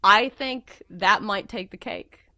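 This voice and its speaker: A woman's voice: mid-range voice, takes it slowly, sharp tone, no echo, clean studio sound. A woman from the with a stuffy nose from a cold, hosting a sports betting radio show in a chatty style. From American South. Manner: chatty, lots of fillers and laughs. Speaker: radio host. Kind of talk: casual sports betting chat.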